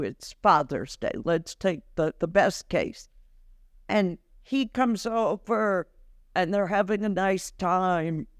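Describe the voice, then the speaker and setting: An older woman, a former judge, explaining court practice in a measured, deliberate way as a podcast guest. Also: lowish voice, dry recording, clean studio sound. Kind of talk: podcast interview.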